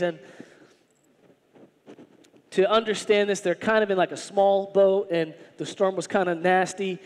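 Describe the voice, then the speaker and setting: A male pastor preaching a sermon in an animated, humorous, conversational way. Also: high voice, unhurried, long pauses, in a large hall.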